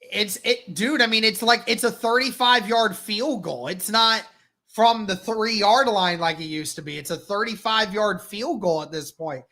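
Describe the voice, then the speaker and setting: A woman hosting a live football watch-along stream, calling plays and reacting with animated, exasperated outbursts while thanking chat members. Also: mid-range voice, measured pace.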